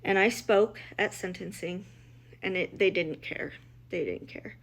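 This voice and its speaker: A woman's voice: on the low side, unhurried, vocal fry. Blunt, emotional woman telling a story. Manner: emotional, blunt, quotes others in dialogue, many restarts. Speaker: mother telling her family's story. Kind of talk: personal storytelling.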